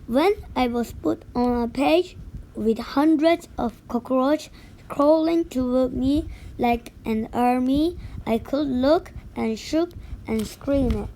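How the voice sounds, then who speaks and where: A woman reads a children's picture book aloud in a high voice. She takes her time and now and then trips over a word and starts it again. A faint hiss sits under the reading. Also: dark tone, low-quality recording. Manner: unhurried read-aloud with small slips and restarts.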